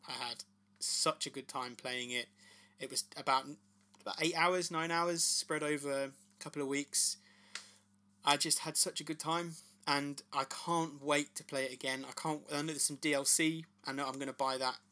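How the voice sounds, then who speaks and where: A man's voice: on the high side, normal speed. A man in his thirties, co-hosting a casual chat and telling stories with enthusiasm. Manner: enthusiastic, animated storytelling. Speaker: podcast co-host.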